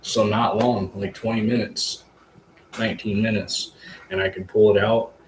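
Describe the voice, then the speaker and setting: A low-pitched man chatting his way through a home mushroom-growing live stream. He rambles loosely, leans on "you know" and drops a casual curse now and then. The voice sits in an echoey room with a faint ambient hum behind it. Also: flat delivery, moderate pace. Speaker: livestream host, hobby mushroom grower.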